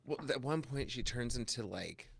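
A man chatting casually on a podcast, telling a story in an animated way, acting out quotes in high voices and laughing often. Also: normal speed, vocal fry, breathy edge, no room sound. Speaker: podcast co-host. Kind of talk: casual chat.

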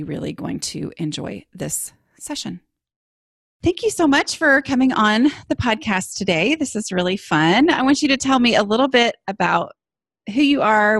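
A woman's voice: medium pitch, no echo, clean studio sound. A woman hosting a podcast, chatting casually and rambling with lots of fillers and restarts. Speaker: podcast host.

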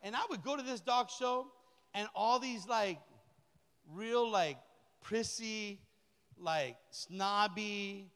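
A middle-aged man, a pastor, delivering a lively, colloquial sermon that repeats key phrases. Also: high-pitched, takes it slowly, smooth. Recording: long reverb of a large hall.

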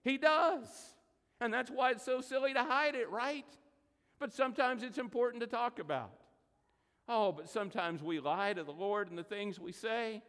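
Man, pastor, sermon, high voice, long church reverb. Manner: preaching, reads scripture slowly and loudly. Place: church sanctuary.

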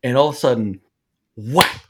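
A man telling stories as a podcast guest, lively and acting out what he said back then. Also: medium pitch, moderate pace, heavy background noise. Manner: animated storyteller, acts out his own past lines. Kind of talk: casual storytelling.

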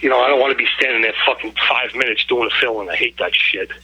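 A man's voice: medium pitch, fast talker, pushed and bright, slightly rough, rough recording. A man, a graffiti-writer guest talking in a profane, rambling way and saying "you know" constantly. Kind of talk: casual chat.

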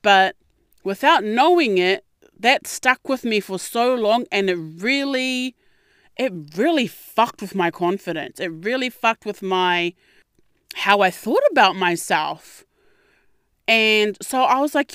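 A young adult woman, hosting a podcast and telling a personal story in a candid, expressive way, swearing freely and acting out quotes. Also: medium pitch, slow pace, clear, resonant tone, no echo, studio quality. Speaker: podcast host. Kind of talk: casual storytelling monologue.

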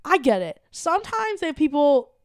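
High-voiced woman telling an animated story. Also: moderate pace, dry recording, studio quality. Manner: animated, acts out quoted dialogue, swears casually. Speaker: podcast co-host. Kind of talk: casual storytelling chat.

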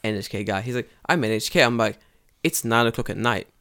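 A man tells a story on a casual podcast. He swears freely and jumps into the voices of the people in his tale. His pitch sits right in the middle. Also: fairly quick, bright, forceful tone. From England. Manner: profane, storytelling, acts out quoted voices. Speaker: podcast co-host. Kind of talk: casual chat.

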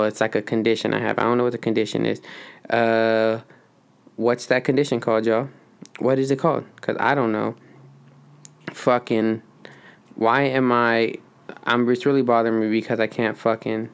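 A man's voice: medium pitch, vocal fry, clear, resonant tone. A man chatting loosely and profanely about movies in slangy, rambling talk. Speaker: solo vlogger. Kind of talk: casual movie chat.

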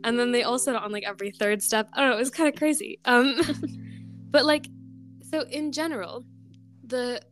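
A fairly high-voiced young woman reads an old folk tale with playful, animated voices for each character. Music plays clearly underneath her. Between the reading she chats loosely and laughs easily. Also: normal speed. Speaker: podcast co-host. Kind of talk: reading a folk tale aloud, then casual chat.

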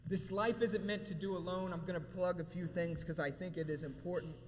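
A man's voice: high-pitched, fairly even intonation, a little fast, a little hiss or hum. A man preaching an emotional sermon as pastor, speaking to a congregation in a church hall. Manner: emotional, preaching with rising intensity then a quiet prayer. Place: church hall with long reverb. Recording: reverberant hall, faint room ambience.

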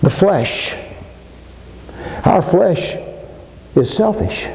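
An older man preaching a dramatic sermon in a church, swinging between soaring emphasis and low asides. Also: big pitch swings, very slow, creaky, darkish tone, slight background noise. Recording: long hall reverb.

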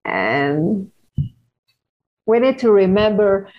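A middle-aged woman whose first language is Hebrew talks earnestly as an interview guest, pausing and restarting as she searches for words. Her voice sits at a medium pitch, and the recording sounds a little dull and lo-fi. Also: sing-song. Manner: earnest, halting, with frequent restarts and non-native phrasing. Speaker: guest author. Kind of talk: conversational interview.

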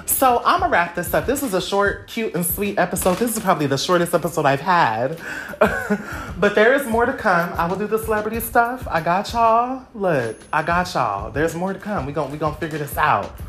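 A woman's voice: fairly low pitch, expressive, normal speed, fairly bright tone, faint music behind. A young adult woman hosting her own podcast, talking casually and slangily, giving motivational pep talk straight to her listeners. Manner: chatty, slangy and motivational, addresses listeners directly. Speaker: podcast host.

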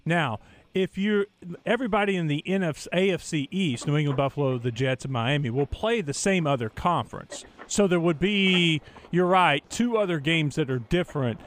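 A man's voice: a little high, expressive, moderate pace, slight background noise. A man co-hosting a sports talk radio show, patiently explaining things to a caller step by step. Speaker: radio co-host.

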